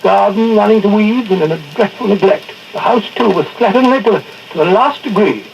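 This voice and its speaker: Dr. Watson, hearty and flustered. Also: male voice, sits high, a little fast, creaky, a little hiss or hum. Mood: narrating. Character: Dr. Watson, hearty, earnest doctor companion. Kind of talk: 1940s radio acting. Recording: dull old radio broadcast recording.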